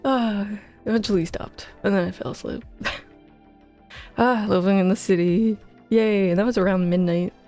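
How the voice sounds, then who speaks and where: Woman streamer, tired, chatty and self-mocking, mid-pitched voice, headset mic, soft music behind. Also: fairly even intonation, normal speed, long pauses. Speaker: game dev streamer. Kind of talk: casual livestream chat.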